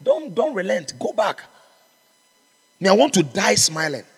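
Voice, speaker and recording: A man's voice: high voice, very animated, measured pace, creaky, slightly rough, big-room sound. A man preaching a sermon as pastor, fervent and exhorting, calling out to his congregation. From Ghana.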